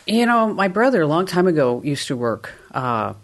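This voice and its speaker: A woman's voice: low-pitched, very animated, moderate pace. A woman hosting a radio call-in show, chatting casually and rambling through a story.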